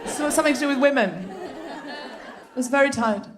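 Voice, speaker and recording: A woman's voice: high voice, normal speed, a crowd in the background, noisy background. A woman hosting a live comedy podcast on a theatre stage, telling stories with lots of laughter. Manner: animated, laughing storytelling. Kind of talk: live stand-up style banter.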